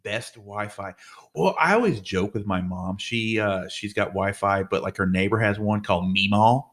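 A man's voice: on the low side, moderate pace, fairly bright tone. A man in his forties, a podcast guest, chatting casually and acting out voices in his stories. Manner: storytelling, acts out voices in anecdotes. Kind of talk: casual chat.

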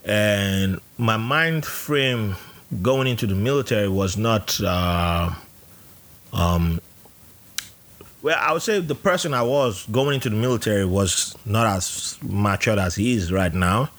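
A man's voice: fairly low pitch, unhurried. A man from Nigeria, telling stories in a casual interview and acting out voices. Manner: animated storyteller who acts out voices. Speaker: podcast guest.

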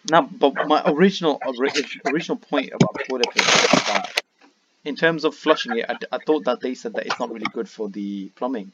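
A man's voice: mid-range voice, a little fast. A young man, chatting on a podcast in a teasing, laid-back way. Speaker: podcast co-host. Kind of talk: casual chat. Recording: dull lo-fi with faint noise.

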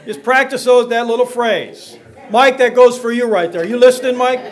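A man's voice: very high voice, moderate pace. A middle-aged man preaching in church, reading scripture and joking with the congregation in a folksy way. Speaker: pastor.

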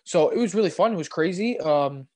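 A young man from Canada chats about sports on a podcast, getting carried away with his stories. His voice sits a little high, and it is recorded close and dry. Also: a little fast, no room sound. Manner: excitable storyteller, laughs often and repeats himself. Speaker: podcast guest. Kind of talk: casual sports chat.

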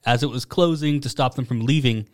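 A man hosting a casual comedic chat, relaxed, laughing as he tells stories. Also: medium pitch, fairly quick. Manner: easygoing storyteller, laughs often. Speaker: podcast host presenting news stories.

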